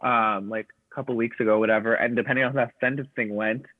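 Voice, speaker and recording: A man's voice: lowish voice, steady tone, fast talker, no echo. A man, a comedian guest, telling a rambling, profane story in casual chat and quoting people as he goes. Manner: rambling, profane, quotes others in dialogue. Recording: dry tinny phone-like sound.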